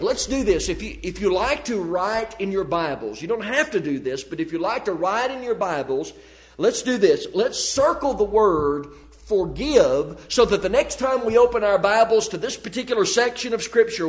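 High-voiced man preaching a sermon. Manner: measured, deliberate, with emphatic pauses. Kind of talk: sermon with scripture reading.

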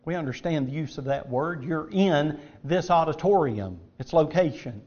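A man's voice: on the high side, expressive, normal speed, darkish tone, muffled recording. A man preaching a sermon in an auditorium, emphatic, repeating words for stress as he quotes scripture.

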